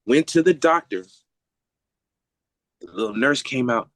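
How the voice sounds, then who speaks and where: A man's voice: medium pitch, a little slow, no echo. A man telling a long personal story in casual talk, swearing freely and acting out the voices of the people in it. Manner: animated, swears freely, acts out quoted voices.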